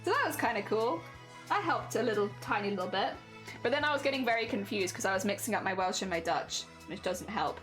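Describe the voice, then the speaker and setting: A woman's voice: medium pitch, lively intonation, fast, fairly bright tone, faint music behind. A young woman streaming casually, chatting and giggling with her viewers while she crafts at home. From Britain. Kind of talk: casual live-stream chat.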